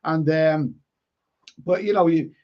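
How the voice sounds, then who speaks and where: A man's voice: fairly high pitch, slow pace. Rambling man on a lo-fi stream. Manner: rambling, stumbles and repeats words. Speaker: live stream host reading chat. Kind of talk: casual live stream chat. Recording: lo-fi stream audio.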